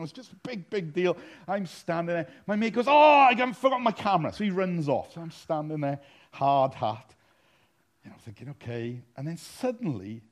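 A man's voice: a little high, a little mellow. A man preaching a sermon, telling funny stories with a self-deprecating, anecdotal manner. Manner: humorous anecdotal, self-deprecating, laughs at own jokes. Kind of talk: sermon with storytelling.

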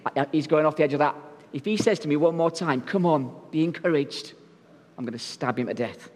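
A man's voice: fairly high pitch, fairly quick, a little mellow, in a large hall, close to an everyday voice. A man doing grumbling worn-out women hikers. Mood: exasperated.

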